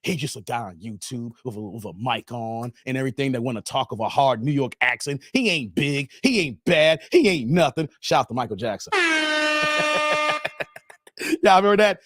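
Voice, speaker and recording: A man's voice: mid-range voice, lively intonation, normal speed, fairly bright tone, no echo. A man in his forties from the Chicago area, hosting a casual livestream and talking in a joking, slangy, emphatic way with frequent laughs. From Chicago area, United States. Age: 40s. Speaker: livestream host.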